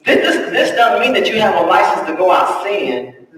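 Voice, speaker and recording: A woman pastor preaching a sermon in a conversational way, now and then breaking into loud, emphatic lines. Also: mid-range voice, big pitch swings, normal speed, slight background noise. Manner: conversational preaching, acts out prayers. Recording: echoey hall, voice far from mic.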